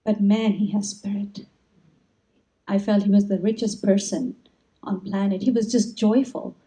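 Gentle, mellow-voiced woman telling reflective stories. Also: mid-range voice, flat delivery, unhurried, poor audio. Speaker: spiritual teacher. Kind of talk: inspirational talk.

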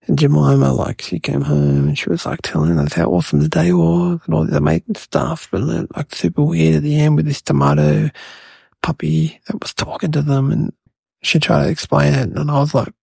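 A man's voice: a little high, steady tone, moderate pace, gravelly, a little mellow, breathy edge, no room sound, heavily acted. A man voicing a mischievous, chatty young boy who rambles to the viewers in a comedic monologue. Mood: rambling. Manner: rambling, addresses viewers as guys.

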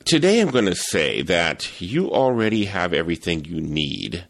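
A man with a low, gravelly voice hosts a casual solo podcast. He rambles in an easygoing way, restarting sentences and repeating words. His pitch swings lively up and down as he tells his stories. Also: normal speed. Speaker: podcast host, photography teacher.

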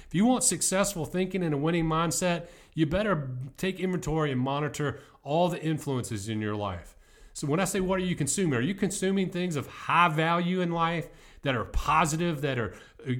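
A man's voice: fairly high pitch, a bit bright. A middle-aged man who coaches football, giving an earnest, emphatic motivational talk.

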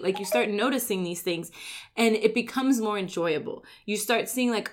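A woman who runs a gym, giving a casual motivational talk full of "like" and "right?" and acting out everyday complaints. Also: medium pitch. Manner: chatty, fills with "like" and "right?"; acts out everyday complaints in quick asides. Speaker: gym owner and coach.

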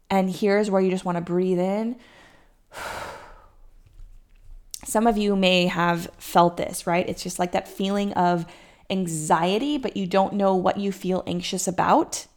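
A woman coach talks straight to her listeners in a relaxed, reassuring podcast monologue. Her mid-pitched voice keeps slipping into a gravelly vocal fry. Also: unhurried, pauses often. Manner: warm, reassuring, acts out listeners' anxious inner voices. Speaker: fertility coach.

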